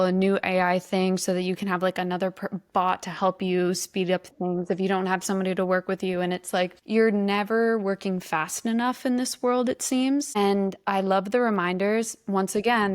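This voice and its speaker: A woman hosting a podcast in casual conversation, thoughtful, slowing down to stress key words. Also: mid-range voice.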